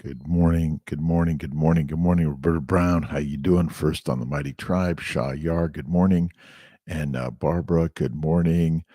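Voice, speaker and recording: A man's voice: rumbling low, fairly even intonation, normal speed, warm tone, dry recording, clean studio sound. A middle-aged man hosting a casual morning livestream, greeting viewers by name with upbeat, repetitive affirmations. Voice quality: gravelly, husky voice.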